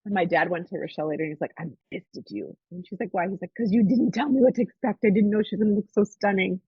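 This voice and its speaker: Woman, podcast host, husky, dry close sound, slightly dull audio, lively storytelling. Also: mid-range voice, racing, no echo. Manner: animated storytelling, acts out quoted voices. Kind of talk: casual chat.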